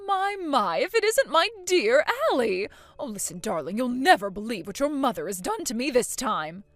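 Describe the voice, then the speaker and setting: Woman voicing a bossy older grandma, loud and haughty, lively high swoops, faint music under. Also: normal speed, dry recording. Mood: wheedling. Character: bossy older mother-in-law, loud and self-righteous.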